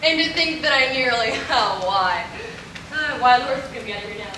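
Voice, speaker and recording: A woman plays a vain, glamorous stage actress, imperious and melodramatic. Her voice is high and swoops widely. It is caught from far off in an echoey hall, with noise underneath. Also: animated, fairly quick, bright, forceful tone. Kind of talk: community stage play.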